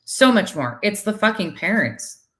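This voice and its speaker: A middle-aged woman co-hosting a casual livestream talk show, blunt, animated and quick to swear as she reads viewer comments. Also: medium pitch.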